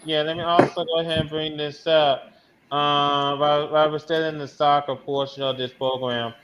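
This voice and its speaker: A man's voice: a little high, little pitch movement, a bit bright. A man hosting a casual sports podcast, moving between topics with many hesitations. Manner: hesitant, many fillers, slow announcing. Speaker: podcast host. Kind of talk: casual chat. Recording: noisy room.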